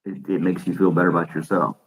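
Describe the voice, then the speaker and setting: Deep voiced guy hosting his own stream, rambles and laughs a lot, talking into a desk mic. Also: fairly even intonation, quick pace, poor audio. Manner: rambling, chuckles often. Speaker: podcast host. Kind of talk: casual live-stream chat. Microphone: desk microphone.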